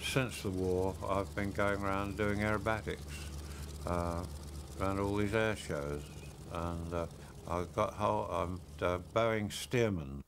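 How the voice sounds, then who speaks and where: An older man, an aerobatic pilot, talking casually with relaxed hesitations. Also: sits low, slow pace, background noise. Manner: relaxed, hesitant with many fillers. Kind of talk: casual interview.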